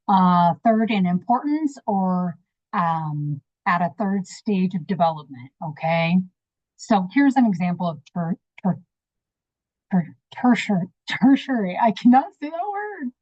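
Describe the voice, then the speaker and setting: A woman's voice: medium pitch, darkish tone, no echo, highs cut off. A woman English teacher giving a casual online lesson, chatty, with many ums and stumbles over hard words.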